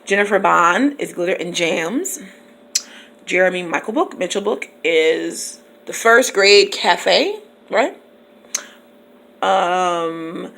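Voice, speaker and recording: Chatty laughing woman with gravelly voice. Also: mid-range voice, slow pace, a bit bright. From Michigan, USA. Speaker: teacher and vlogger. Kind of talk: casual chat. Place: in her car.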